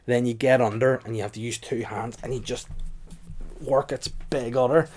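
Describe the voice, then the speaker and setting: A young man, hosting a casual comedy podcast. He tells absurd tall tales with a straight face and a steady, matter-of-fact delivery. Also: mid-range voice, moderate pace. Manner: deadpan absurd storytelling. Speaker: podcast host.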